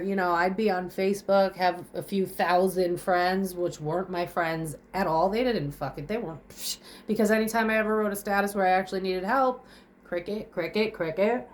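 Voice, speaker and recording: Speaking at a medium pitch, a young vlogger pours out a raw confessional monologue to camera from her home kitchen. She's in tears and out of breath, cursing bluntly and throwing out rhetorical questions.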